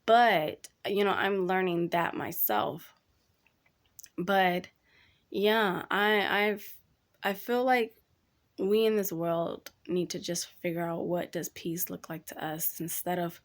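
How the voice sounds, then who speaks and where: A young woman hosting a casual advice talk, speaking candidly and chattily, addressing listeners as y'all. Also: lowish voice. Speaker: podcast host.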